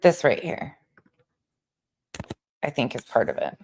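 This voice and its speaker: A woman's voice: rumbling low, very animated, slow pace, creaky, darkish tone, slight background noise. A woman hosting a livestream commentary, frustrated and searching for words. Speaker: commentary host.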